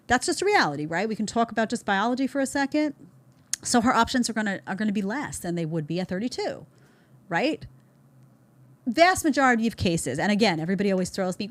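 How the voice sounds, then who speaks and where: A woman's voice: mid-range voice, sing-song, a little fast. A middle-aged woman hosting a podcast, reacting to a clip with blunt, emphatic commentary and sarcastic asides. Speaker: podcast host.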